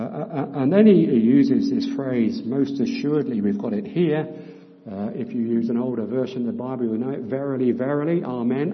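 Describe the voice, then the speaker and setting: Older man preaching in an echoey hall. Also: medium pitch. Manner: earnest, emphatic, repeats key words, many filler sounds. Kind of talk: sermon. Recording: muffled, echoey hall sound.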